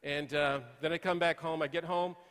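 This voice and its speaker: A middle-aged pastor preaching in a church, his voice sitting a little high for a man. He tells folksy stories, dropping to a hush and then rising to emphatic points. A long reverb trails off each phrase in the big hall. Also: fairly even intonation, normal speed, clean tone. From Texas. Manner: folksy storytelling, swings between hushed and emphatic. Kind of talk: sermon. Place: church sanctuary.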